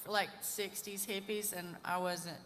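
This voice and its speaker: Bright-voiced woman telling stage stories. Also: medium pitch, steady tone, slight background noise. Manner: chatty, laughing, quick asides. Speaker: folk singer and performer. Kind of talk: casual on-stage storytelling. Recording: live stage in a reverberant hall.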